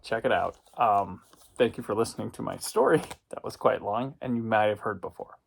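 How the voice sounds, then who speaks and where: A man's voice: on the low side, fairly quick, creaky, slight background noise. A man who reviews home video discs, casually telling a rambling anecdote and often correcting himself as he goes. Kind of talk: casual storytelling.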